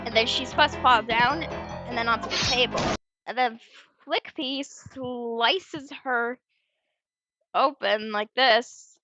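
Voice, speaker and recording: A woman's voice: a little high, fairly even intonation, takes it slowly, pushed and bright, faint music behind. A woman chattily explaining her fan storyboard, giggly and full of restarts, on a dull lo-fi recording.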